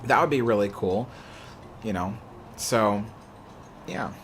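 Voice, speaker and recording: A man's voice: lowish voice, lively intonation, takes it slowly, a little hiss or hum. Rambling young man full of fillers. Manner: rambling, lots of "you know" fillers. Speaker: livestream host. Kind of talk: casual chat answering viewer questions.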